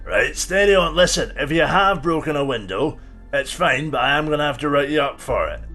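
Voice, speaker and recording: A man voicing a gruff, weary bearded city guard in a tabletop game. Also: fairly high pitch, expressive, a little fast, pushed and bright, faint music behind, voice pushed up. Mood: weary scolding.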